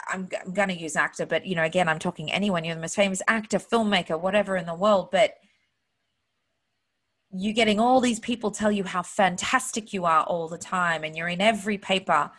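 A woman's voice: fairly low pitch, fairly quick, fairly bright tone. A woman hosting her own show, giving an earnest, heartfelt and openly emotional motivational monologue. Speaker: host.

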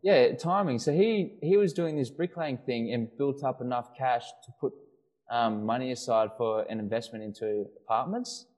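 A man's voice: mid-range voice, normal speed, a little mellow, low-quality recording. Man telling a rambling story. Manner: rambling storyteller with frequent restarts and fillers. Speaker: podcast co-host. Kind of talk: casual chat.

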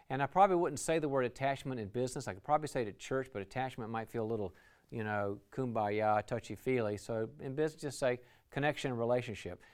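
A man's voice: mid-range voice, clean tone. A man giving a lecture on team relationships, enthusiastic, acting out short dialogues as examples. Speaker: leadership speaker. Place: lecture venue.

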